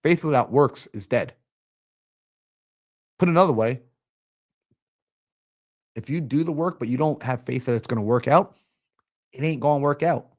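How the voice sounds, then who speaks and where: A man coaching on a live stream, energetic and preachy, acting out little everyday scenes. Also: medium pitch, moderate pace, pauses often. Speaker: mindset coach. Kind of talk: motivational live-stream talk.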